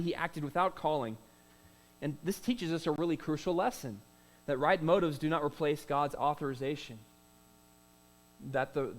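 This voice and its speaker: Higher-voiced male pastor preaching. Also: poor audio. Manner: conversational preaching with rhetorical questions and frequent "uh" fillers; restarts and repeats words. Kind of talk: sermon.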